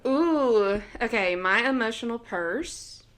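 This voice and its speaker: A young woman co-hosting a podcast in casual chat, animated and laughing often, acting out what she and others said. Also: a little high, slow pace. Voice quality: animated, laughs often, quotes herself in voices. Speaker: podcast co-host.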